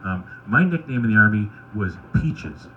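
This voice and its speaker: A man doing stand-up, telling wry, crude anecdotes in a deadpan way. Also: lowish voice, normal speed, lo-fi sound, slight background noise. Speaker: stand-up comedian. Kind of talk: stand-up storytelling at an open mic.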